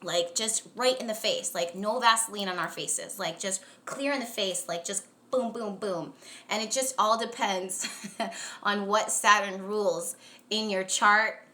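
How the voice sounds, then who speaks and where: A woman hosting a casual live astrology chat on a stream, talking chattily with lots of "like"s, quick laughs and emphatic rants. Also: medium pitch, pushed and bright. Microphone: phone or webcam on a live stream.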